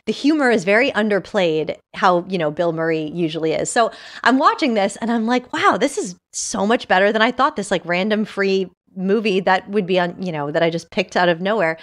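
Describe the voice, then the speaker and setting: A woman co-hosting a podcast, chatting casually about a TV show, animated and gushing, laughing often. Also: mid-range voice, fairly quick, hardly any pauses. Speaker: podcast co-host. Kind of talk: casual TV review chat.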